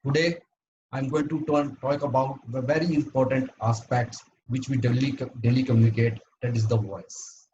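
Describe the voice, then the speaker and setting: A man giving a prepared talk at an online speakers' club meeting, earnest and halting, with frequent restarts. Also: mid-range voice, steady tone, mellow, lo-fi sound, a little hiss or hum.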